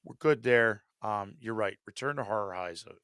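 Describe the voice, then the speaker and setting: A man co-hosting a casual movie review podcast, wry and dry-humored, often trailing off quietly. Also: on the low side, fairly quick, smooth, no echo. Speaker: podcast co-host.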